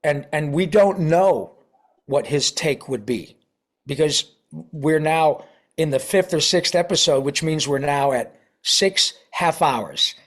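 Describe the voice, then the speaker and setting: Animated middle-aged man telling stories. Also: a little high, slow pace. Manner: animated, acts out quoted voices. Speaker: voice actor guest. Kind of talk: casual interview storytelling.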